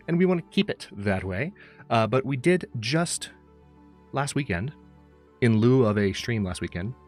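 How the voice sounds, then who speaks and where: A man hosting a livestream, chatting casually and rambling as he greets viewers by name, speaking into a close mic. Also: lowish voice. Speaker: streamer host. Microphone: close studio mic. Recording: faint music behind.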